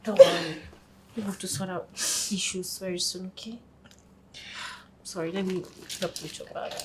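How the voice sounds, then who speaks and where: A woman's voice: fairly low pitch, fairly even intonation, normal speed, heavy background noise, natural voice. An actress playing a kind mother who comforts a crying friend and scolds her daughter, in a Nigerian film drama. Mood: soothing.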